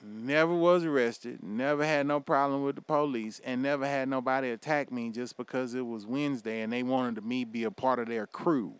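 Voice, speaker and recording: A man's voice: medium pitch, moderate pace, few pauses, clean tone, no room sound. A man in his thirties delivering a heated, profane, preachy rant straight to his audience. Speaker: vlogger.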